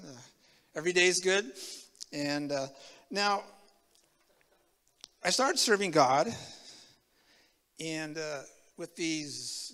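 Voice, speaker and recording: A man in his seventies giving a testimony sermon as a preacher, an animated storyteller who acts out the dialogue. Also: high-pitched, in a large hall. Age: 70s.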